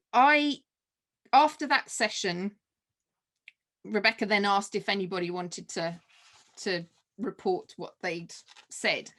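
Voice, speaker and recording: A woman, a mother, guest on a podcast, telling a personal story casually and acting out remembered dialogue. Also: mid-range voice. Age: adult with children. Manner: animated, acts out remembered dialogue.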